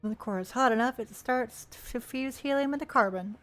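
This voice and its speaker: A woman's voice: on the high side, brisk, a bit bright. A woman streamer giving playful, chatty gameplay commentary and reading in-game text aloud with joking asides.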